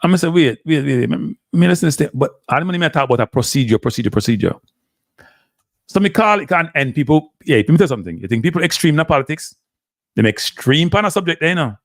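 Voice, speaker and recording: A man's voice: a little high, very animated, quick pace, no echo, clean studio sound. A man with a Jamaican accent hosting a live stream, talking casually and switching between standard English and patois. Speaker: live show host.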